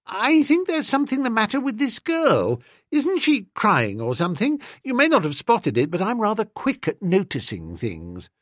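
A man's voice: sits high, huge pitch swings, moderate pace, hardly any pauses, no echo, clean studio sound, voice pushed up, exaggerated voice. Bertie, a man doing a chirpy young toff. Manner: eager, chirpy, exclamatory. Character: excitable young upper-class gentleman, cheerful.

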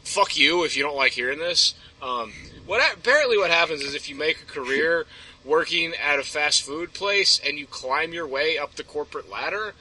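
A man's voice: a little high, bright, forceful tone, rough recording. A man telling a story as a podcast guest, ranting and rambling with plenty of swearing. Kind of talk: casual chat, storytelling.

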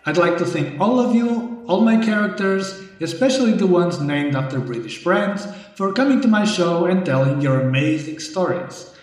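A man hosts a comedy podcast in a theatrical, mock-gloating way. His voice is high and lively, swooping up and down. He sits far from the mic in an echoey room, with faint music underneath. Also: moderate pace, few pauses. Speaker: podcast host. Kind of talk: comic sketch hosting.

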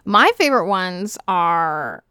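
A woman's voice: lowish voice, expressive, slow pace, bright, forceful tone, clean tone, no room sound, studio quality. A woman co-hosting a casual podcast chat about a TV episode, enthusiastic and full of fillers. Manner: chatty, enthusiastic, many "like" fillers. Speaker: podcast co-host.

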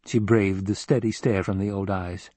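Male audiobook narrator, husky and measured, dry close recording. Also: deep voice, fairly even intonation, warm tone, no echo. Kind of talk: scripted narration.

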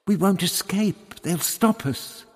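A man's voice: lowish voice, takes it slowly, a little mellow, slightly rough, long reverb tail, full character voice. A man voicing a determined young woman who speaks firmly and directly in a storybook reading. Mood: worried. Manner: firm, cool and direct.

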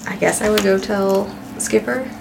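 Woman, tabletop player, gravelly, matter-of-fact, audible room ambience. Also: mid-range voice, steady tone, moderate pace, noisy background. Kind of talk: casual chat at a game table.

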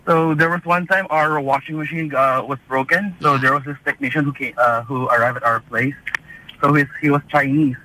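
A man's voice: medium pitch, steady tone, a little fast, pushed and bright, slight background noise, rough recording. A man calling in to a radio show, telling a story chattily with many hesitations. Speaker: caller. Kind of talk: phone-in anecdote.

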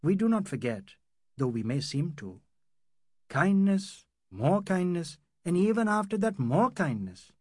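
A man's voice: sits high, big pitch swings, unhurried, darkish tone, no room sound, clean studio sound, pitched above the performer's own voice, full character voice. A man reading an audiobook, voicing a proud, emotional young Indian doctor who turns from sardonic to earnest. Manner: sardonic, then earnest and pleading.

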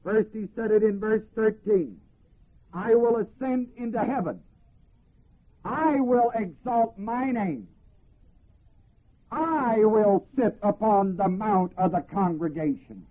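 Slow husky preacher on a tinny recording. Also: male voice, sits high. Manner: slow, emphatic, drawn-out reading of scripture. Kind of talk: sermon, Bible teaching.

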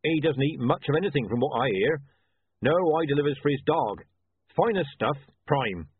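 A man's voice: on the high side, animated, moderate pace, breathy edge, no echo, phone-quality sound, pitched above the performer's own voice. A man doing a brash, blunt butcher. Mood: chatty. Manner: blunt, loud and chatty. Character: brash thick-set male butcher, boastful.

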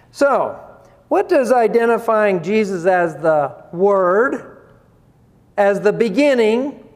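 A man preaching a sermon, asking rhetorical questions and chuckling between points. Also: high voice. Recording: long hall reverb.

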